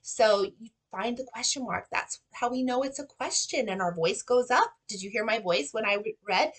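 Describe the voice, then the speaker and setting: A woman in her forties, a kindergarten teacher, giving parents practical reading tips in an animated, modeling way. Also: a little high, moderate pace, hardly any pauses, breathy edge. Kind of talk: instructional talk to parents.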